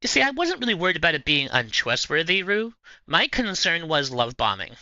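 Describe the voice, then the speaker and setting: A man's voice: on the high side, very animated, fairly quick, sharp tone, no echo, highs cut off. A man hosting a livestream, casually chatting with viewers in a playful, rambling way. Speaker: livestream host. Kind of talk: casual chat answering viewers.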